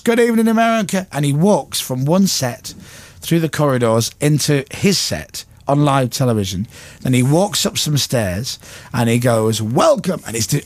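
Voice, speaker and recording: Lively northern english radio host guy, leeds accent, pitch swings a lot telling a story. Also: no echo. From Leeds, England. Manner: animated storyteller, mimics crowds and presenters. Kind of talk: casual radio chat.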